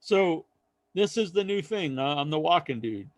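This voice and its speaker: A man co-hosting a podcast, telling a long story in casual chat and acting out other people's lines loudly. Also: a little high, lively intonation, normal speed, dry recording. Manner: rambling storyteller, acts out quoted voices loudly. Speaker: podcast co-host.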